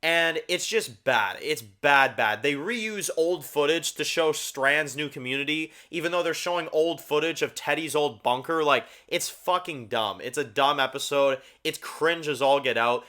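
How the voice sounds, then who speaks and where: A man's voice: medium pitch, moderate pace, few pauses, pushed and bright. A man hosting his own TV review channel, ranting bluntly about episodes with heavy swearing, lots of fillers and repeated words for emphasis. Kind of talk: casual ranked-review rant.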